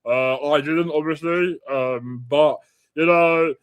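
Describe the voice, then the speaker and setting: A man's voice: on the high side, slow, clean tone. A man playing a polite, bland male star striker who tacks "obviously" onto every sentence. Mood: wistful. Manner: monotone, says "obviously" after every sentence. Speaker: comedy co-host.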